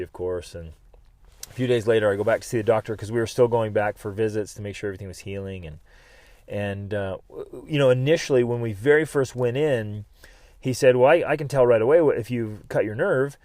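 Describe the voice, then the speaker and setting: A man sits at a podcast mic and recounts a misadventure with lots of energy, breaking into laughter and acting out the people in the story. His voice sits in an ordinary middle pitch. The sound is close and dry, with no room around it. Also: dry recording. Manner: animated, laughing storyteller who acts out voices. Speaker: podcast host. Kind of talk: storytelling and life lessons.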